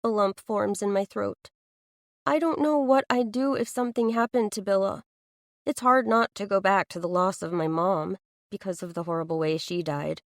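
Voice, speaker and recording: A woman's voice: mid-range voice, normal speed, dry recording, studio quality. A woman narrating a first-person audiobook thriller, reading an anxious inner monologue in an earnest way.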